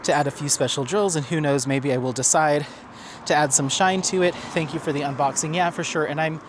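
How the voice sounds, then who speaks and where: Out walking his dog on a neighborhood street, a man vlogs in a slightly high voice at a fairly quick pace, with noise in the background. He rambles casually, reads viewers' comments out loud, and often uses fillers and starts over.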